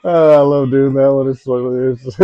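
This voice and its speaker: Slow, rambling male commentator. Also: medium pitch, steady tone, mellow, dull audio. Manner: rambling, self-mocking, chuckling asides. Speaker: watch-along commentator. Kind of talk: casual commentary.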